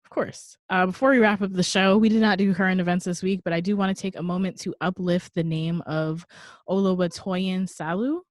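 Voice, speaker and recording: A woman with a lowish voice, recorded dry and close, co-hosting a casual podcast. She speaks in a measured, earnest way and gives gentle, thoughtful advice. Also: dry recording. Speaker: podcast co-host. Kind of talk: casual chat.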